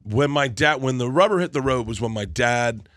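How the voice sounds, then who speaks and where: A man's voice: medium pitch, moderate pace, dry recording. Dry-sounding rambling comedian man. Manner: rambling, animated storyteller with restarts. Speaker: comedian guest. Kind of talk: casual interview storytelling.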